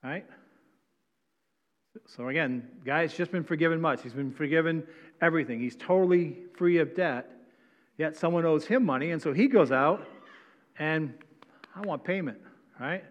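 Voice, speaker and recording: A man's voice: on the high side, moderate pace, pauses often. A male pastor preaching a sermon, reading scripture aloud and then explaining it with frequent "right?" tags. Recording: dull sound with long hall reverb.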